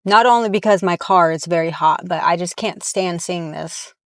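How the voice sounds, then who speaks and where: A woman's voice: fairly low pitch, moderate pace, dry recording, studio quality. A woman giving blunt, heated reaction commentary on fitness and diet, talking from inside a car.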